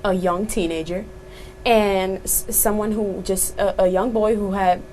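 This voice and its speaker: A woman's voice: medium pitch, steady tone, a little slow, a little mellow, slight background noise, low-quality recording. A young woman, an activist guest on a talk show, speaking earnestly and firmly with many fillers. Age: young adult.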